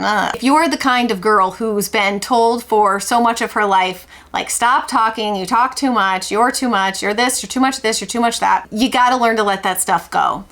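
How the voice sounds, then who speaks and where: A woman's voice: medium pitch, a bit bright. A woman, talking in a candid confessional vlog in an emphatic, outspoken and self-mocking way. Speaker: homeschool vlogger.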